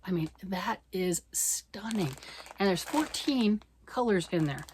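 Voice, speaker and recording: A middle-aged woman chatting fast and excitedly about knitting, rambling off on tangents. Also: mid-range voice, slight background noise. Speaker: knitting vlogger. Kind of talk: casual chat.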